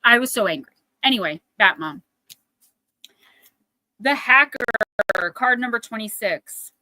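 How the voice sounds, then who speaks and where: A woman's voice: fairly high pitch, expressive, a little slow, pushed and bright, rough recording. A woman hosting a live oracle card reading stream, telling a story in casual, chatty talk and acting out what people said. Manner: chatty storytelling, acts out quotes in a raised voice. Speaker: oracle card reader and livestream host.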